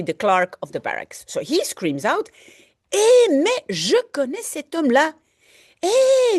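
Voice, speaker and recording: A woman teacher reads from a novel in a slow, unhurried way, stopping to translate and explain each phrase. Her pitch rises and falls a lot as she speaks. The recording is dry and close, with no room sound. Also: no room sound. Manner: patient, explaining vocabulary, peppered with "hein". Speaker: language teacher. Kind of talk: reading a French novel aloud and translating it line by line.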